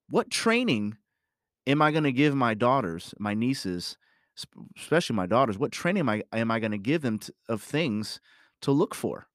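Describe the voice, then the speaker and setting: A man's voice: medium pitch, sing-song, normal speed, no room sound, clean studio sound. A man telling a personal story in a casual monologue, rambling and emphatic, swearing often and leaning on "you know". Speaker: parent talking about his family.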